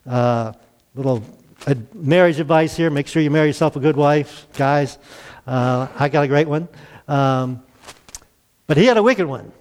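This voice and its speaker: A man's voice: fairly high pitch, measured pace, long pauses. Folksy man preaching a sermon. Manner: folksy, animated, acts out quoted voices with chuckles. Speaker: pastor. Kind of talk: sermon retelling a Bible story.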